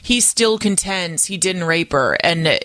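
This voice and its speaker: Bright, dry-sounding female co-host. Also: fairly low pitch, animated, unhurried, dry recording. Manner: opinionated and exasperated. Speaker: radio co-host. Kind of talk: casual radio chat.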